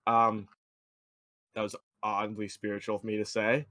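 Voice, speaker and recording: A man's voice: fairly low pitch, completely flat delivery, unhurried, sharp tone, a little hiss or hum. A man co-hosting a podcast, retelling a TV episode in loose, rambling casual chat. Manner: loose and rambling, retelling scenes with quoted voices. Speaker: podcast co-host.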